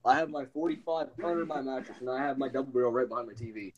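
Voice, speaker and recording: A man chatting on a live stream in an animated, excitable way, swearing a lot over online voice chat. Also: medium pitch, racing, dull audio. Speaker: guest on a stream.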